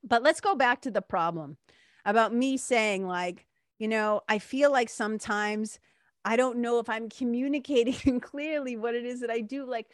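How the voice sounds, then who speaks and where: A woman's voice: a little high, normal speed, no room sound, clean studio sound. Chatty, candid woman spiritual mentor. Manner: candid and chatty, with frequent swearing and laughter. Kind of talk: casual monologue.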